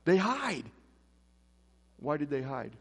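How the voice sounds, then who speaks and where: Preaching conversationally in an echoey church hall, a pastor acts out the voices of characters in his stories. His husky voice is on the high side, with big pitch swings and a slow delivery.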